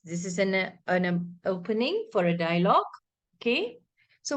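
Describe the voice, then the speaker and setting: In a mid-range, unhurried voice, a woman with a Malaysian English accent leads an online English lesson. She's patient, keeps asking whether her students are following, and gives example passages an expressive reading.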